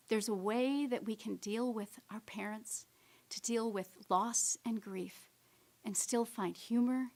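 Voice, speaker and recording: A middle-aged woman giving a keynote talk, telling a personal story gently and dropping to soft whispers at tender moments. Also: a little high, fairly even intonation, takes it slowly. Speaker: keynote speaker. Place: stage presentation.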